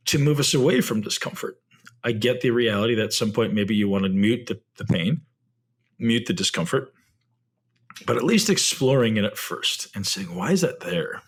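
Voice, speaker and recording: A man hosting a solo podcast, speaking reflectively and often ending points with rhetorical tag questions. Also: medium pitch. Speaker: podcast host.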